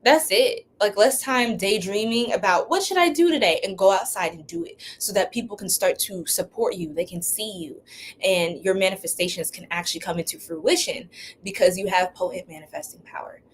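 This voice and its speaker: A woman's voice: mid-range voice, moderate pace, breathy edge. A woman giving a casual, playful live-streamed tarot reading, using slang and laughing often. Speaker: tarot reader.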